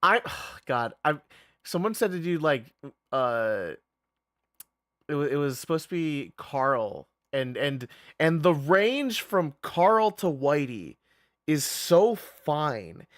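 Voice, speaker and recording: A man's voice: on the high side, sing-song, takes it slowly, fairly bright tone, no echo, studio quality. Rambling, laid-back man streaming. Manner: rambling, self-interrupting, laughs often. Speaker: streamer, game player. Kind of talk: casual live-stream commentary.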